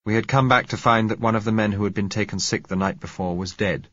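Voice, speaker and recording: A man narrating a novel in the first person, measured and reflective. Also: on the low side, fairly bright tone, highs cut off.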